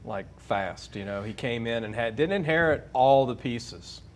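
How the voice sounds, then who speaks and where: A man's voice: medium pitch, expressive, moderate pace, a little hiss or hum. Chatty male sports-show host. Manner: chatty, leading questions, many restarts. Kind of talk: casual sports talk.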